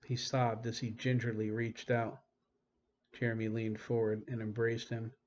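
A man's voice: mid-range voice, completely flat delivery, normal speed, a little hiss or hum. Man narrating an audiobook, muffled. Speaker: author reading his own novel.

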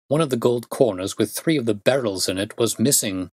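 A man reading a classic detective story aloud in a measured, steady narration. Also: medium pitch, slightly rough, dry recording. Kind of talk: audiobook narration.

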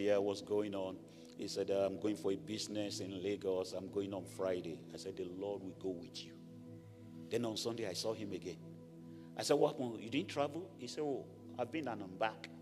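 A man from Nigeria preaching a sermon as pastor, animated, rising to shouted blessings over the congregation. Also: lowish voice, moderate pace. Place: large church hall. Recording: echoey church hall with music.

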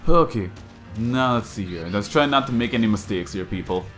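Gaming host, man, chatty and self-deprecating, animated delivery, faint music underneath. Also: fairly low pitch, moderate pace. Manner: chatty, self-deprecating, coaching himself aloud. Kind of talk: casual let's-play commentary.

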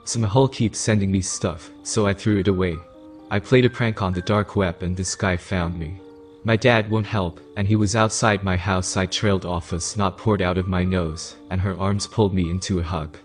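A man narrates a horror story in a steady, measured way. His voice sits very low and deep. Faint music plays quietly underneath.

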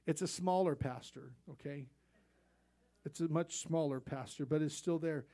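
High-voiced pastor preaching a folksy sermon. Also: male voice, normal speed, warm tone. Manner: folksy storytelling, rising to emphatic peaks.

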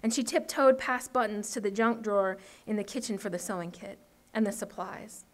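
A woman author reading her short story aloud at an open mic, in a steady, measured way. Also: medium pitch.

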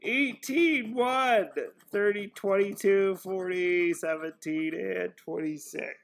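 A man's voice: high voice, fairly even intonation, slow pace, vocal fry. A man chatting casually while scratching lottery tickets at home, constantly breaking into laughter. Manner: giggly, keeps breaking into helpless laughter.

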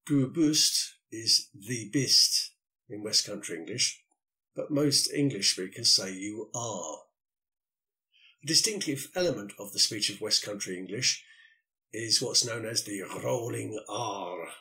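A man's voice: fairly low pitch, animated, a little slow, bright, forceful tone, rough recording. An older man hosting a solo podcast, talking through a loosely scripted monologue in a reflective way with the odd filler. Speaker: podcast host.

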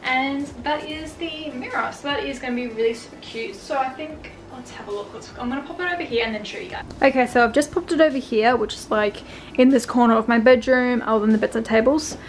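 A young woman, a fashion vlogger, chatting excitedly in her bedroom with lots of fillers. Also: high voice, fairly quick, slight background noise. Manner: gushing, filler-heavy, excitable. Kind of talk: casual vlog chat. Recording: echoey room, far from mic, music behind.

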